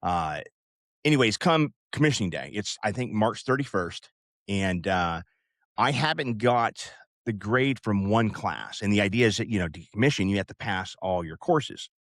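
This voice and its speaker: A man in his fifties tells a long personal story in a low, unhurried voice. He rambles, with plenty of "uh" and "you know" asides. The sound is close and dry, with no room echo. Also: animated. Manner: rambling, many fillers and asides. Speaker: podcast host. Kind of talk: casual storytelling.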